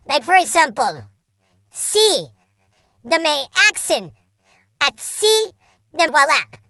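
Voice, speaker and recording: Very high, bright woman explaining. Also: dry recording, studio quality. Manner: explains step by step, mixing Tagalog and English. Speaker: lesson explainer. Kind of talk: casual language lesson.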